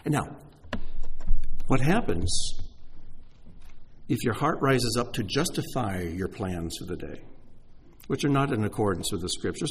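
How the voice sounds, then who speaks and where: A man, apparently middle-aged, preaching a sermon in an animated, emphatic way, speaking straight to his listeners. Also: mid-range voice, normal speed. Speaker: pastor.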